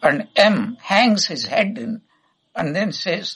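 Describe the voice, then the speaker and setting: A man giving an emphatic spiritual discourse, teaching through a steady stream of rhetorical questions. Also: high-pitched, slow pace, slightly rough, rough recording.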